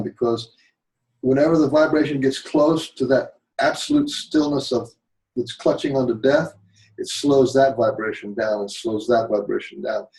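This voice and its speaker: A man's voice: medium pitch, a little mellow, rough recording. A man giving a rambling spiritual monologue, full of repeated words and restarts, swearing and turning dramatic. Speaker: spiritual talk show guest.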